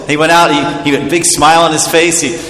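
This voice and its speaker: A man's voice: a little high, fast talker. Man telling a devotional story in a hall. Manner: animated, acts out characters, laughs often. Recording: echoey hall with long reverb.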